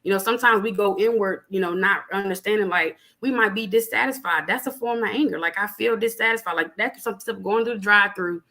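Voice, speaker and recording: A young adult woman in casual spiritual chat on a podcast, animated and preachy, talking plainly with lots of fillers. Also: mid-range voice, a little fast, few pauses. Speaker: podcast guest.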